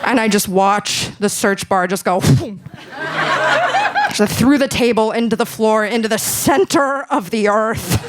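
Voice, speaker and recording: A young woman performing a stand-up comedy set, telling a story playfully and breaking into sudden high squeals for effect. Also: moderate pace, hardly any pauses, heavy background noise.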